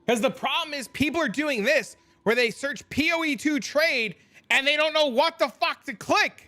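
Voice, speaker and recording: A man's voice: very high voice, moderate pace, pushed and bright. A man streaming a game and chatting casually with viewers, blunt, profane and rambling. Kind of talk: casual live-stream chat.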